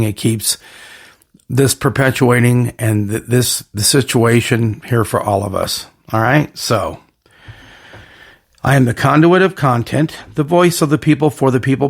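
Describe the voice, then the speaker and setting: A man's voice: mid-range voice, creaky. A man hosting his own podcast alone, rambling through strings of hype catchphrases and pleas to his listeners. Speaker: podcast host. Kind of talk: solo podcast monologue.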